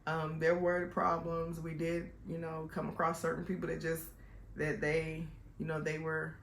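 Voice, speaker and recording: Gravelly-voiced woman telling a story in an echoey room. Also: low voice, monotone, normal speed, a little hiss or hum. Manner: chatty and rambling, with many fillers and restarts. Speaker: vlogger. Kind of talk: personal storytelling vlog.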